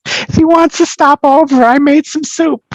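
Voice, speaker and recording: A man's voice: extremely high pitch, steady tone, a little slow, no echo, highs cut off, voice pushed up. A man putting on the voice of a doting older woman, a friend's mother, with a sweet, sing-song manner. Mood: coaxing.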